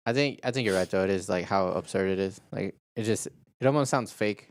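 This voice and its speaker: A man co-hosting a podcast in casual chat, laid-back with wry, deadpan quips. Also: fairly low pitch, fairly quick, no echo, studio quality. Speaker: podcast co-host.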